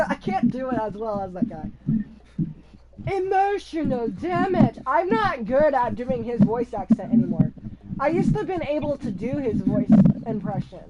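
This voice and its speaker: A woman vlogging in a casual, rambling way, hyper and excitable. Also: fairly high pitch, normal speed, muffled recording. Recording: loud crowd noise behind.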